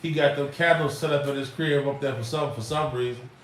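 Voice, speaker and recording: A Chicago-born, middle-aged livestream host talks briskly at a medium pitch, rambling emphatically and leaning on slang. It's casual stream chatter, picked up from a distance with a roomy echo and faint noise.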